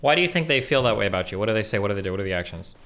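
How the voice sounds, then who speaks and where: A man hosting a relationship advice call-in show, blunt and profane, pressing callers with quick questions. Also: lowish voice, expressive, fairly bright tone. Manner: blunt, fast-talking, profane. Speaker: host.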